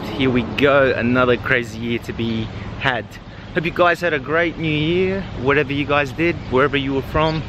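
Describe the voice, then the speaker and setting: Jokey rambling man vlogging over street noise. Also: medium pitch. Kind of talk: casual comedic vlog. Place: Dubai.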